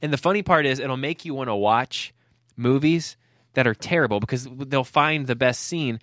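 A man co-hosts a podcast, telling stories in a loose, rambling style during casual chat. His mid-range voice is fairly bright and moves at a normal speed, captured in clean studio sound with no room echo.

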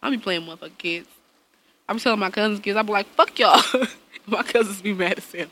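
A woman's voice: medium pitch, fast talker, fairly bright tone. A woman in casual chat, telling blunt, profane stories about her son and laughing often as she acts out quotes. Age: adult, parent of a young son.

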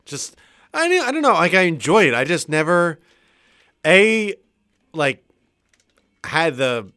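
A young man co-hosting a casual podcast chat, laid-back and halting, with plenty of swearing. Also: a little high, very animated, sharp tone, dry recording, clean studio sound. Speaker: podcast co-host.

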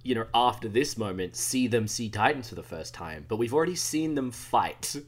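A man's voice: medium pitch, animated, normal speed. A man chatting casually, ranting with exasperation and frequent swearing. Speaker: podcast co-host. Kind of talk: casual chat.

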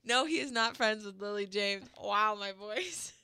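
A woman's voice: medium pitch, lively intonation, unhurried, pushed and bright. A young woman co-hosting a podcast, chatting casually and gushing with enthusiasm. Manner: bubbly, gushing. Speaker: podcast co-host. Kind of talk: casual chat.

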